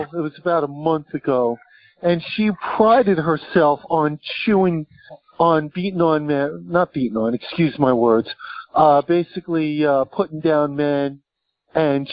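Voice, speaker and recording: A man's voice: on the high side, unhurried, no room sound. A man calling in to a podcast and asking a question hesitantly, with many fillers. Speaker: caller. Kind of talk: asking a question on a call-in show. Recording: dull lo-fi sound.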